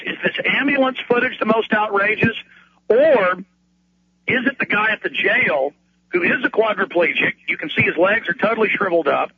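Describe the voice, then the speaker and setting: Fast, high-pitched radio host. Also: male voice, breathy edge, lo-fi sound. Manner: rapid, repetitive restarts, mocking put-on quotes. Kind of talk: heated talk radio commentary.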